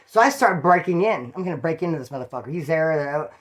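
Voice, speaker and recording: A man's voice: on the high side, lively intonation, fast. Profane, slangy man telling a story. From California. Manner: profane, slangy, rambling with restarts; mimics others in quoted voices. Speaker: YouTuber telling prison stories. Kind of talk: casual storytelling.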